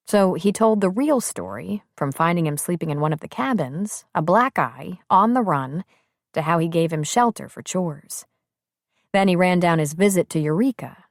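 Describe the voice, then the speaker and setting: Low-voiced woman narrating an audiobook. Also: no room sound, studio quality. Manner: calm, even storytelling. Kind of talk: scripted narration.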